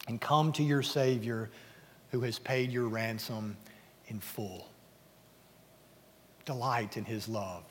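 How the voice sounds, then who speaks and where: An earnest male pastor preaches a sermon with a somewhat high voice, sometimes sinking to a quiet hush. His words ring out with the long reverb of a large church hall. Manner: earnest, dropping to a hush at key points. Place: church sanctuary.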